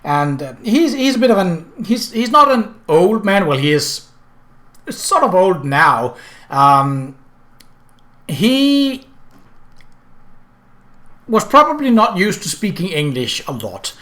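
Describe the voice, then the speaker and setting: Rambling Danish-accented man, slightly high voice. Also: very animated, slow pace, pauses often, fairly bright tone. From Denmark. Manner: rambling, filler-heavy. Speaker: game commentator. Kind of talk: casual game commentary.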